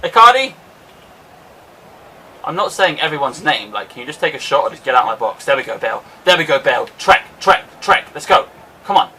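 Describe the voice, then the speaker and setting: A young man with an excitable, self-mocking manner, commentating his own football video game match. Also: mid-range voice, quick pace, recorded from a distance, a little hiss or hum. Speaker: gaming YouTuber. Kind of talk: casual gameplay commentary.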